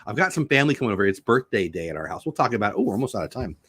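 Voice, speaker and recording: A man's voice: fairly low pitch, very animated, racing, fairly bright tone, breathy edge, dry recording. A middle-aged man hosting a casual home livestream, rambling and joking while reading chat comments aloud. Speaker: livestream host.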